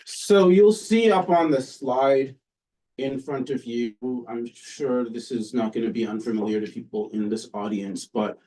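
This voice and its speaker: A man, a political science professor, giving an academic talk in a relaxed, conversational way with frequent pauses and "um"s. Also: medium pitch, far from the mic, poor audio. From Canada. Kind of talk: academic lecture. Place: lecture room with an audience.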